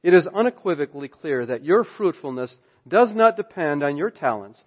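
A man preaching a sermon as pastor, emphatic, swinging between loud declarations and hushed asides. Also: fairly high pitch, animated, moderate pace, hardly any pauses. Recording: dull sound with long hall reverb.

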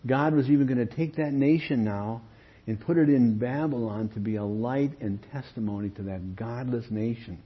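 A man's voice: medium pitch, moderate pace, breathy edge. A male pastor teaching an evening Bible study, explaining verses and often checking in with "okay?". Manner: explanatory, keeps asking "okay?". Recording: dull lo-fi recording.

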